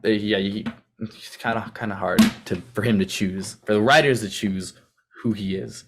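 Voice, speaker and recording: A man's voice: lowish voice, normal speed, noisy background. A young man co-hosting a podcast, chatting about a movie in an easygoing, hesitant way full of fillers. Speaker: podcast co-host. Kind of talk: casual movie debate.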